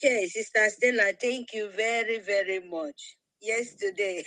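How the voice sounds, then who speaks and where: Someone greeting everybody slow and happy in a voice chat, dry close sound. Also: mid-range voice, expressive, vocal fry, fairly bright tone, no room sound, poor audio. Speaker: guest speaker in an online voice room.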